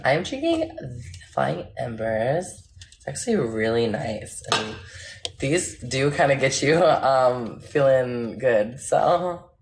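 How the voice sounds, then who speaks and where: A woman with a strikingly low voice chats casually to her livestream viewers, candid and rambling, breaking into laughter often. She talks into a phone in a room with a noticeable echo. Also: a little mellow, slight background noise. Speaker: livestreamer answering viewer comments. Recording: echoey room.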